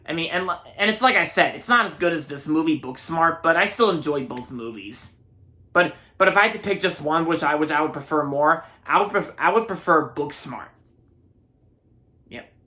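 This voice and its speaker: Bright-voiced young man rambling a review. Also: on the high side, lively intonation, moderate pace. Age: early 20s. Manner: rambling, repeats himself often. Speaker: movie reviewer. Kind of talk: casual unscripted movie review.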